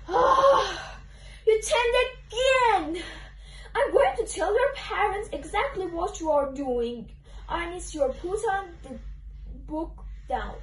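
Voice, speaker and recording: A woman's voice: very high-pitched, far from the mic, heavily acted. A woman reading a picture book aloud, voicing a desperate, whiny storybook character who pleads and sobs dramatically. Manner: dramatic pleading, sobbing and bargaining. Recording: roomy echo, away from mic.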